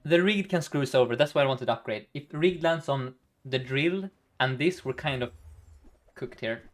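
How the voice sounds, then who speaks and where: A man's voice: medium pitch, moderate pace. A man streaming a game live, thinking aloud about each move in a chatty way and laughing often.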